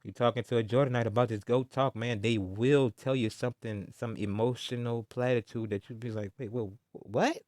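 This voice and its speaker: A man's voice: mid-range voice, fairly even intonation, a little fast, few pauses, darkish tone, no room sound, studio quality. A man ranting in casual chat about sports, emphatic and repetitive, full of slang and mocking jabs, tacking "man" onto his lines. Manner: mocking, insistent. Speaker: sports commentator vlogger. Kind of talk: heated casual rant.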